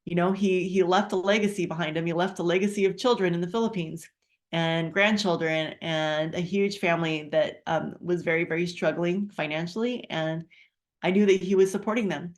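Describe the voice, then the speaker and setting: A middle-aged woman with a somewhat low voice shares a personal story in a warm, chatty way. She trails off and restarts often, then moves into an earnest pitch to join her business. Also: steady tone, moderate pace. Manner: heartfelt, chatty, many fillers and restarts. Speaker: wellness business presenter.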